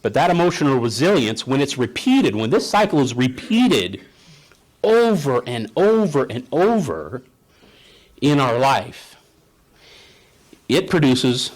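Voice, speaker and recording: Speaking unhurriedly with long pauses, a man with a medium-pitched voice and big pitch swings gives a conference talk as a therapist. He tells stories in a conversational way, playing out parent and child voices and frequently checking in by asking listeners "right?"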